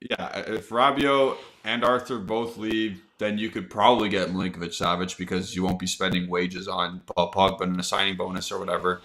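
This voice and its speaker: Blunt american guy on a fan podcast, really deep voice but bright and forceful. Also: level tone, fairly quick, few pauses. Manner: blunt, opinionated, says sorry while correcting himself. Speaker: podcast co-host. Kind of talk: casual football chat.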